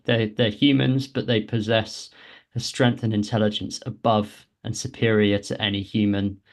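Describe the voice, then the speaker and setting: A man co-hosting a podcast, explaining game lore in a casual, hesitant way, often restarting his phrases. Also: lowish voice. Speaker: podcast co-host.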